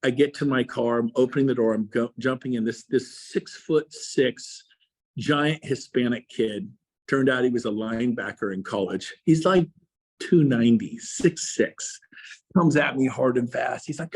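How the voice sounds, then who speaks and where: A man's voice: mid-range voice, moderate pace, darkish tone, breathy edge. A man, a real estate coach, giving an emphatic motivational speech to agents and firing rhetorical questions at them. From Texas.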